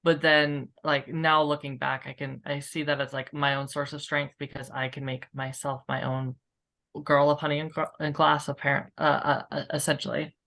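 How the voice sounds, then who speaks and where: A woman's voice: low-pitched, little pitch movement, normal speed, gravelly, a bit bright. A woman sharing thoughts in a casual panel chat, hesitant and thoughtful with many fillers.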